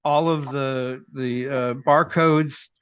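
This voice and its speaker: A middle-aged man chatting on a podcast, telling lively anecdotes and acting out the dialogue of the people in them. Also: medium pitch, slow pace, clean tone, dry recording, muffled recording. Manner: lively anecdotal storyteller who acts out dialogue. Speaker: podcast co-host. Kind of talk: casual chat.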